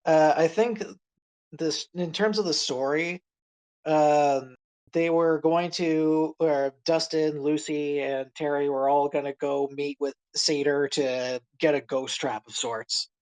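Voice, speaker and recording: A man's voice: on the high side, fairly even intonation, darkish tone, low-quality recording. Rambling man on a casual podcast. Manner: rambling, halting explanations with restarts.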